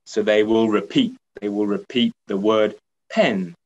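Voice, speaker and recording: On a muffled recording, a man with a lowish voice runs a teacher training workshop at a measured pace. Patient and repetitive, he keeps asking "okay?" and demonstrates the lively praise a teacher might offer pupils.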